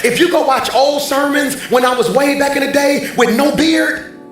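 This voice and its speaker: Guy preaching on a church stage, high voice, animated, faint music behind him. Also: moderate pace. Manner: animated, call-and-response preaching with banter. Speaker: pastor. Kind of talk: sermon. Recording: very echoey hall, faint music.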